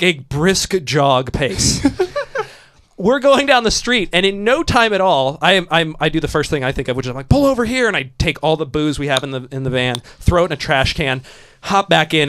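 A man's voice: on the high side, normal speed. A man telling a wild story in casual chat, swearing freely and laughing as he talks. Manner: profane, animated storyteller who laughs mid-sentence. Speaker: podcast host telling a story.

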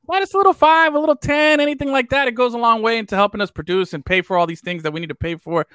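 A man hosting a casual sports podcast, animated and joking, often trailing off into fillers. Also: very high voice, rapid-fire, smooth, no echo, studio quality. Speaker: podcast host.

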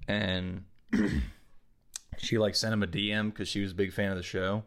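A man's voice: low-pitched, flat delivery, unhurried, a bit bright. A young man in his twenties co-hosting a podcast in casual chat, rambling with lots of fillers and frequent laughter. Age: 20s. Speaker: podcast co-host.

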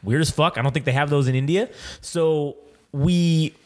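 This podcast co-host speaks at a normal speed in a slightly high voice. In casual chat with his friends, he rambles and swears while retelling a wild dream.

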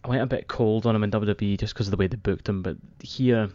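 A young Scottish man chatting casually as a podcast co-host, animated and sweary, with quick apologetic asides. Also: on the low side, no echo, dull audio. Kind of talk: casual chat.

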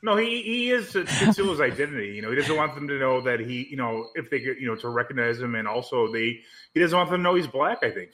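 A man's voice: mid-range voice, expressive, fast, pushed and bright, rough recording. A man co-hosting a podcast in casual chat, teasing and joking with his partner. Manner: teasing, jokey. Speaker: podcast co-host.

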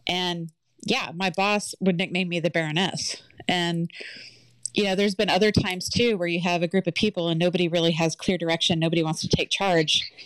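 A woman on a podcast chatting casually, assertive and quick to laugh. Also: fairly low pitch, fairly even intonation, clear, resonant tone, no room sound. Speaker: podcast co-host.

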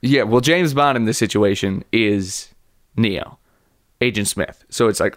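Dude co-hosting a goofy podcast, laughs a ton, rambly, dry mic. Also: male voice, fairly low pitch, measured pace, no echo. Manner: laughs often, rambling and joking. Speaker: podcast co-host. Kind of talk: casual comedy podcast banter.

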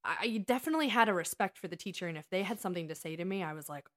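A woman co-hosting a casual talk show, speaking in a relaxed, reflective way. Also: on the low side, racing, few pauses. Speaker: podcast co-host, daughter. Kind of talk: casual chat.

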